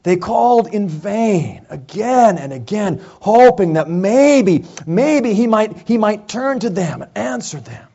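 A man preaching a sermon, retelling a Bible story dramatically and acting out the prophets' cries, swinging from loud calls to hushed lines. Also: sits high, lively intonation, slow pace, hardly any pauses, lo-fi sound. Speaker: pastor.

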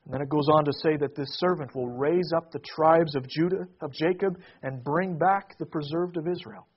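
Husky-voiced man preaching a sermon. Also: fairly high pitch, normal speed, highs cut off. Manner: preaching with rising emphatic swells and hushed drops. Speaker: pastor.

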